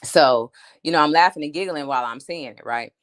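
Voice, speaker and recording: This woman's voice sits low and she talks briskly during a casual storytelling rant on a live stream. Her style is blunt, emphatic and chatty, with repeated asks of "you know what I'm saying."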